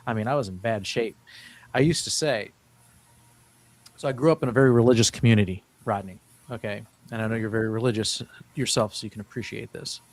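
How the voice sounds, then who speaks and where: A man's voice: lowish voice, fairly quick. A man in his fifties, a guest in an interview, telling his story in an earnest, rambling way with many restarts. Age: 50s. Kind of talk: casual interview talk.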